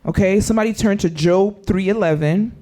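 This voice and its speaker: A man with a high voice leads a youth Bible lesson in a meeting room. He keeps questioning his listeners and puts drama into every scripture line he quotes. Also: fairly quick, mellow. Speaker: youth Bible study leader.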